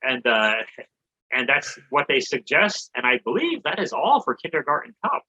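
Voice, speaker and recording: A man's voice: a little high, sing-song, moderate pace, pushed and bright, slightly rough, muffled recording. A man co-hosting a comedy podcast, recapping a movie in a rambling, joking way with some swearing. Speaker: podcast co-host. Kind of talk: casual comedy podcast chat.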